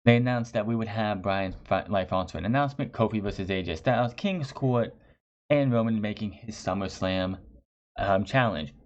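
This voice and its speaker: A man's voice: lowish voice, normal speed. A man reviewing a wrestling show in a chatty, sarcastic way, often restarting his phrases. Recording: dull lo-fi recording.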